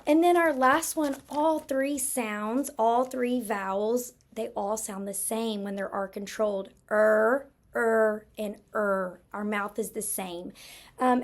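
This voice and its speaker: Slow, patient woman teaching spelling. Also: a little high. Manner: slow, stretches out sounds, checks in with okay. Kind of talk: spelling lesson.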